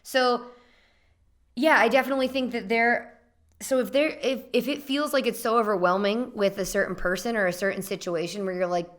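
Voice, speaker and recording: A woman's voice: fairly high pitch, fairly quick. A young woman co-hosting a candid chat, thinking aloud and asking probing questions. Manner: reflective, probing questions, many restarts. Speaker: co-host.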